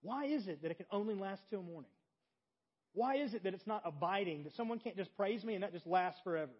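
A young adult man preaching a sermon, telling a story with big swings between loud animated moments and quiet intimate ones. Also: high-pitched, breathy edge, highs cut off. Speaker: pastor.

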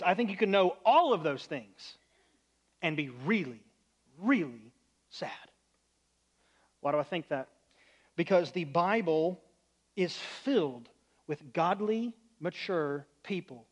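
Man, pastor, high voice, earnest sermon, conversational, soft at times. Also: animated, takes it slowly, long pauses, dull audio. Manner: earnest, conversational, drops to quiet on sad moments.

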